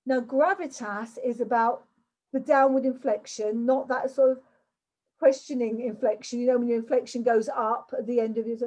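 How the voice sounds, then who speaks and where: A woman's voice: high voice, darkish tone, rough recording. An older woman from England giving a chatty online workshop talk over a video call, often repeating words and restarting. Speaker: workshop speaker.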